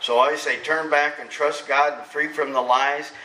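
A middle-aged man preaching a sermon as pastor, emphatic, swinging between loud preaching and soft confiding. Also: on the high side, level tone, normal speed, far from the mic, a little hiss or hum. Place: church sanctuary. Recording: echoey church hall from off-mic.

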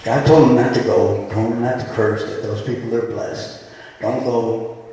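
A man's voice: mid-range voice, flat delivery, moderate pace, warm tone, slight background noise. A man preaching a sermon in a church, telling the story animatedly and acting out the quotes. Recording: echoey hall from far off.

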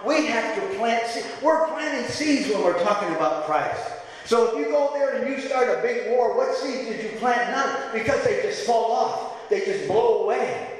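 A man preaching a sermon as pastor in a church, impassioned, swinging from quiet, gentle stretches to shouting. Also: very high voice, expressive, moderate pace. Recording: echoey hall.

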